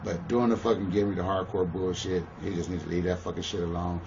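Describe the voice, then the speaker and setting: Low-voiced, foul-mouthed man on a muffled, distant mic; good fit for a straight-talking tough guy in a shoot interview. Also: little pitch movement, fast, vocal fry, background noise. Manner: blunt, profane, keeps asking "you know what I'm saying". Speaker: pro wrestler interviewee. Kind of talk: shoot interview, casual storytelling.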